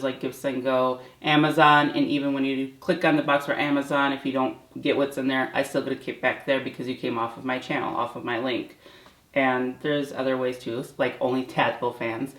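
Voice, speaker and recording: A woman hosting a casual home vlog, chatty and informal, often breaking off to scold her cats. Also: rumbling low. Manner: chatty, frequently yelling at her cats mid-recording. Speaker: channel host. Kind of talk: casual vlog talk to camera. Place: at home, indoors. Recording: roomy home recording with faint noise.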